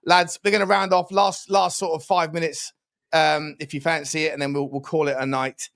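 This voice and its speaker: Brash man hosting a fan call-in, slightly raised pitch, blunt and swearing. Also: level tone, moderate pace, a bit bright, no room sound, studio quality. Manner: brash, swears, reads super chats. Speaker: host. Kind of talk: casual fan call-in chat.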